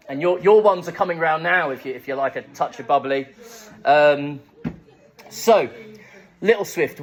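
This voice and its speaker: A fairly high-pitched young man from England, telling local history as a comic talk to a live audience. He chats along with self-mocking jokes and asides to the crowd. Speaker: festival speaker. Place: live event room with an audience.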